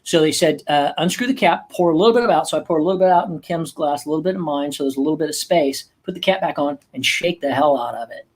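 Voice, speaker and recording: A man hosting a casual chat, telling stories with lively acted-out quotes. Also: fairly high pitch, fast, few pauses. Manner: animated storyteller who acts out quoted lines. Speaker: podcast host.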